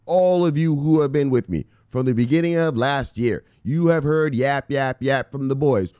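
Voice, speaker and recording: A man's voice: medium pitch, lively intonation, normal speed, few pauses, dark tone, no room sound. Profane, fired-up crypto ranter, man. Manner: fired-up, preacher-like, swears constantly, repeats "look, look". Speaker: crypto video host. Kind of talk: profane ranting commentary.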